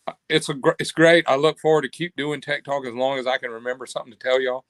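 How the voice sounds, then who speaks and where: Animated older man, dry close sound. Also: medium pitch, quick pace, no room sound. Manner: animated storyteller, acts out quoted voices. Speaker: interview guest, cam company owner. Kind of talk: casual interview storytelling.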